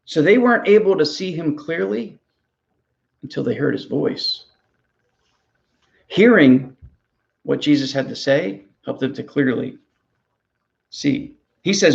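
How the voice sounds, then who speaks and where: A man's voice: fairly high pitch, animated, unhurried, creaky, long pauses, highs cut off. A man, a ministry pastor, preaching a sermon in an earnest, conversational way, often repeating words as he goes.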